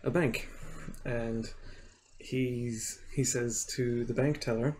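A man's voice: mid-range voice, steady tone, slow, darkish tone, a little hiss or hum. A young man chatting casually on a live stream, rambling and curious, cracking jokes.

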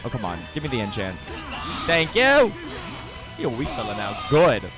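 A man streaming a video game live in casual chat, excitable and profane, laughing and greeting viewers loudly. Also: mid-range voice, normal speed, over music. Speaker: livestreaming gamer.

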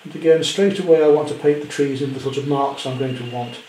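A man demonstrating a painting at home, chatty with gentle self-deprecating humour. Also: medium pitch, steady tone, quick pace, echoey room, slight background noise, low-quality recording. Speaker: art teacher. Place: indoor studio at home.

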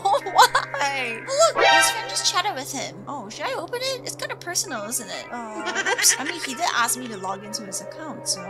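A woman narrating a game role-play in an excitable, dramatic manner, often gasping. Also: sits high, moderate pace, over loud music, poor audio.

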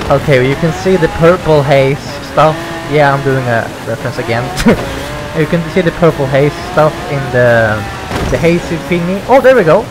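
A young man, giving excitable let's play commentary, exclaiming, swearing and rambling. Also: on the high side, measured pace, noisy background. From Sweden. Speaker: gaming YouTuber. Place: home gaming setup, no face cam. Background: racing game music and engine sounds.

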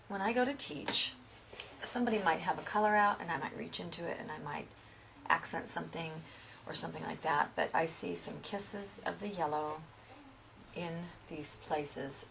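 A woman's voice: on the low side, vocal fry, fairly bright tone, slight background noise. A woman giving a step-by-step painting lesson in a chatty way, with asides to her students. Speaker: painting instructor. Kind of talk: painting tutorial.

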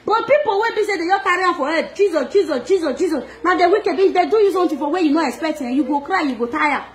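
A woman with a Nigerian Pidgin accent talking through gossip in an animated, scolding way with frequent laughs. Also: extremely high pitch, fast. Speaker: gossip vlogger. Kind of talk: casual gossip monologue.

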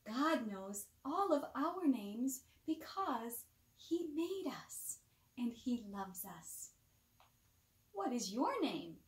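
A woman presenting a bedtime Bible lesson for children, animated and coaxing, asking questions and dropping to soft whispers, recorded with a roomy echo. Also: on the high side.

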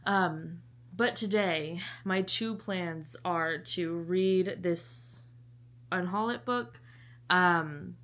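A woman's voice: on the low side, extremely slow, a bit bright. A young woman chatting casually in a book vlog, bubbly and talkative, with sweet asides to her dog. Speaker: book vlogger.

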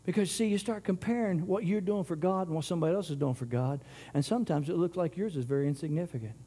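High-voiced impassioned male preacher. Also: fast talker, mellow. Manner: impassioned, rises and falls, stumbles and repeats. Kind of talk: sermon. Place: church.

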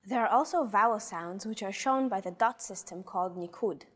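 A woman co-hosting a language lesson, pronouncing sounds and words slowly and carefully for learners. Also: medium pitch, fairly bright tone. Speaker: native speaker co-host modeling pronunciation. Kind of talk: slow, careful pronunciation demonstration.

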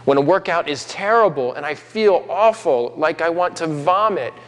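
A man's voice: fairly high pitch, lively intonation, moderate pace, fairly bright tone. A man preaching a sermon in a conversational way, with asides to the congregation. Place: church sanctuary. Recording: long hall reverb.

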